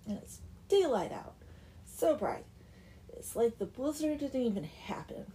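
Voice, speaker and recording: A woman's voice: fairly high pitch, big pitch swings, measured pace, mellow, slight background noise. Chatty woman retelling a tale wryly. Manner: chatty, wry asides, drops into whispers. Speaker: storyteller. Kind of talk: casual comic story retelling.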